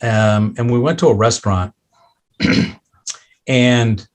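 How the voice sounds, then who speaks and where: A middle-aged man, a podcast guest, candidly telling stories about his own life with self-deprecating humor and animated delivery. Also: mid-range voice, slow pace. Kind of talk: candid interview storytelling.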